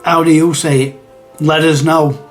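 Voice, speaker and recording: A man's voice: on the high side, level tone, a little slow, soft background music. A man hosts a retro gaming channel and talks casually to camera, rambling and hesitant, with many restarts and chuckles.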